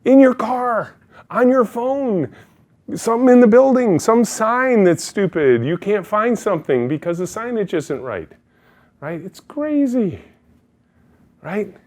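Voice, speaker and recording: A middle-aged man delivers a keynote talk, with his voice swooping high and low as he tells stories. He speaks with energy and acts out each quote in his anecdotes. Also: a little slow. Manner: energetic, animated storyteller who acts out quotes. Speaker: company CEO giving a talk.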